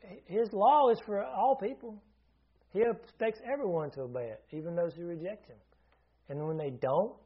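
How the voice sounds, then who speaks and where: Higher-voiced man preaching conversationally. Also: highs cut off. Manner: conversational teaching, asks listeners questions, frequent restarts. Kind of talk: sermon.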